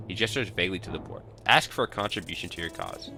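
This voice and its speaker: A man's voice: deep voice, lively intonation, quick pace. A man streaming a game, chatting casually with wry, self-deprecating asides and reading the game text aloud. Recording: game music playing behind.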